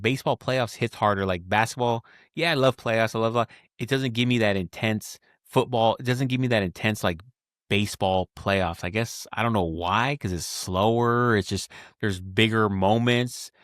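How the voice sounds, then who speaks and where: A man in his forties hosts a casual chat, telling animated stories and dropping "bro" along the way. His voice sits on the low side. The sound is dry and close, with no room around it. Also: measured pace, no echo. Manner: animated storytelling, says "bro" often. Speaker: podcast host.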